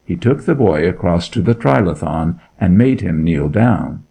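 A man reads a story aloud with measured, expressive pacing. His voice is low and gravelly with a husky texture. He moves through a wide pitch range as he tells the tale. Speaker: narrator. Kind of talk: audiobook story reading.

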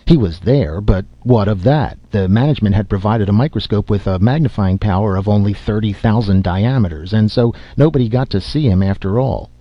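A man narrating a story in a measured, dramatic reading style, in a slightly dull lo-fi recording. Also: lowish voice, no room sound.

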